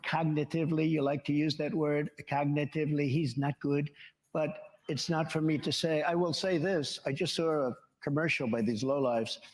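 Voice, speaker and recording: At a town hall, a man in his seventies takes questions as an interview guest, his voice pitched a bit higher than most men's. He drifts from story to story, bragging as he goes, and a large hall's long reverb lingers behind each phrase.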